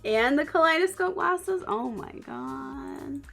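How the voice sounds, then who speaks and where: A woman's voice: sits high, animated, slow pace, vocal fry, fairly bright tone, soft background music. Giggly Northern Californian woman streamer. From Northern California, Bay Area. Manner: giggly, chatty, peppered with "like". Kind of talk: casual livestream chat.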